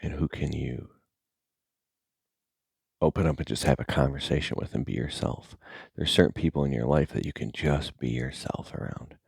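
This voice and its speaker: A middle-aged man talking casually to camera as a content creator, rambling and animated, sometimes dropping to a near-whisper. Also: a bass voice, moderate pace, gravelly, breathy edge, no echo, studio quality.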